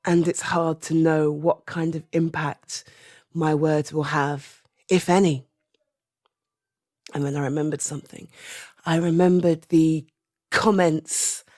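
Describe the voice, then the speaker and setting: A British woman in her thirties, an audio creator, giving a soft-spoken personal opinion monologue, halting and often trailing into a whisper. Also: deep voice, dry recording, clean studio sound. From Britain. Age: 30s.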